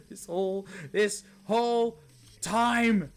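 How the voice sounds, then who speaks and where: A young man commentating a video game stream, exasperated and talking to himself, swinging from low muttering to loud outbursts. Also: unhurried, slight background noise. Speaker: gaming streamer. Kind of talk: let's play commentary.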